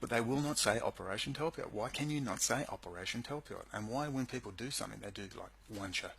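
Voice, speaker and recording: A man's voice: on the low side, fast talker, vocal fry, fairly bright tone, breathy edge, poor audio. A man speaking into his computer microphone, delivering an agitated, sarcastic rant to his viewers. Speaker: video blogger. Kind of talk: angry monologue to camera. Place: at home at a computer.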